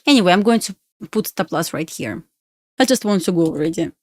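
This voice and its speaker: A woman's voice: lowish voice, lively intonation, a little fast. A young woman with a Russian accent chatting on a live trading stream, pleading with the chart and laughing often. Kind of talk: casual live-stream chat.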